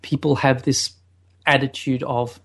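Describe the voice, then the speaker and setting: Man, podcast co-host, gravelly, measured, thoughtful. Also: medium pitch, level tone. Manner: measured, thoughtful, drawn-out phrasing. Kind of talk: casual sex-education chat.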